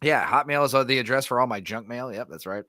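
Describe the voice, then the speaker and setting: A man hosts a casual podcast, his voice bright and sharp. He rambles, laughs a lot and swears casually, a little sore in the throat. The sound is dry and close. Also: medium pitch, fast, no room sound. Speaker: podcast host. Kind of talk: casual chat.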